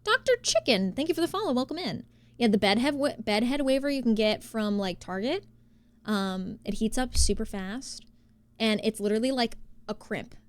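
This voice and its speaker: A young woman talks loosely to her stream, circling back on herself with fillers and restarts. Her voice sits a little on the high side. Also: animated, normal speed. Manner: rambling, chatty, many fillers and restarts. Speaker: livestreamer. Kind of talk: casual live-stream chat.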